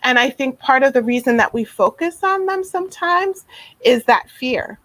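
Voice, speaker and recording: A woman speaking as a guest therapist in an interview over a video call, gentle and reflective, with many fillers and restarts. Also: sits high, expressive, moderate pace, no room sound, low-quality recording. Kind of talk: casual interview talk.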